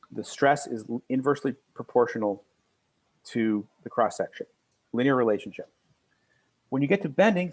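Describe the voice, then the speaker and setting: A man lecturing a university class, earnest and halting, with many fillers and restarts. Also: mid-range voice, a little mellow.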